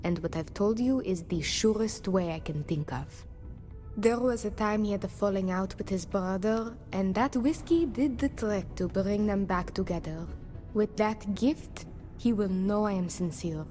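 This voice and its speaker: A woman's voice: mid-range voice, a little slow, dark tone, faint music behind, close to an everyday voice. A woman voicing a worried French-accented woman. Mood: earnest. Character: worried woman seeking a reconciliation.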